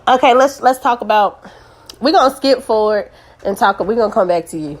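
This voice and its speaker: A woman's voice: fairly high pitch, animated, a little fast. Woman host, laughing through grief. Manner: joking while holding back tears; casual, rambling, self-correcting. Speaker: podcast host. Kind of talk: casual podcast chat.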